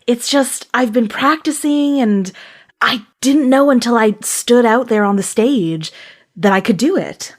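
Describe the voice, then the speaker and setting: A woman's voice: fairly high pitch, unhurried. A woman player at a tabletop game, chatting casually and laughing playfully.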